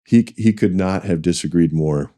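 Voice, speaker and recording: A man's voice: low voice, moderate pace, dark tone. A middle-aged man, a finance executive, telling career stories in an interview, rambling with restarts and acting out quoted dialogue. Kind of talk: conversational interview storytelling.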